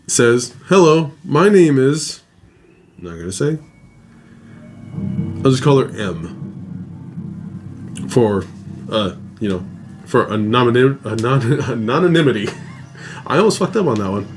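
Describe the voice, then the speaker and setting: A man reading a ghost story slowly and dramatically, drawing out his words with lively swings in pitch. He breaks in with casual asides, and faint music plays underneath. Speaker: host.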